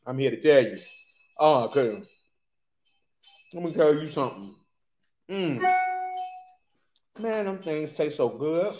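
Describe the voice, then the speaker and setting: A man's voice: on the high side, echoey room. A man co-hosting a casual cooking livestream, who exclaims often and talks to viewers as y'all. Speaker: livestream co-host cooking ribs. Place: home kitchen.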